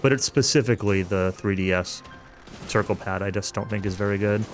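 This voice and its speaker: A man's voice: on the low side, fairly quick. A man streaming a casual playthrough, talking through his thoughts with lots of fillers and hedges, and now and then dry sarcasm. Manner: rambling and hedging, with frequent fillers; dry, self-aware sarcasm. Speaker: let's-play streamer. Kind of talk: casual gameplay commentary. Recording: game music playing behind the voice.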